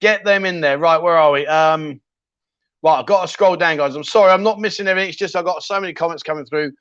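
A man's voice: fairly high pitch, quick pace, a bit bright, no room sound, highs cut off. A man hosting a casual livestream, chatting loosely and reading viewer comments with plenty of ums and restarts. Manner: chatty, rambling, jokey, with many ums and restarts. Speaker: livestream host.

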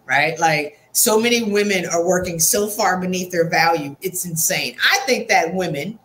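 A woman's voice: lowish voice, moderate pace, a bit bright, slight background noise. A woman hosting a podcast interview, talking casually and animatedly with slangy asides and frequent laughs. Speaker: podcast host.

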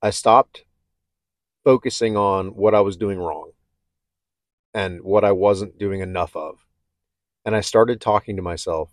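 A man talking candidly and haltingly about his own struggles, with many restarts. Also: fairly low pitch, no echo, clean studio sound. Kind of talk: personal reflective talk.

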